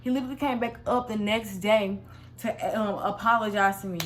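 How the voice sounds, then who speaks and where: A young woman from Missouri telling a casual storytime vlog in a slangy, animated way, with quick restarts and an exasperated tone. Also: medium pitch, faint music behind. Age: young adult. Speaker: vlogger.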